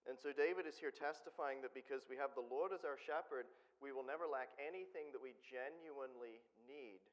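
A man preaching a conversational sermon, often asking the congregation questions. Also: medium pitch. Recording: dull sound with long hall reverb.

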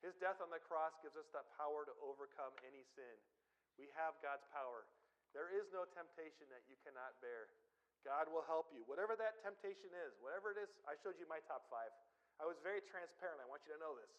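A man's voice: a little high, brisk, highs cut off. A man preaching a sermon, talking conversationally, telling personal stories and rising to emphatic declarations. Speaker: pastor.

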